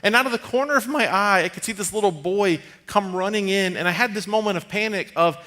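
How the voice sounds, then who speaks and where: Bright-voiced man telling a sermon story. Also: high voice, fairly quick. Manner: conversational, animated storytelling, drops to a hushed tone for serious moments. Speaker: pastor. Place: church stage.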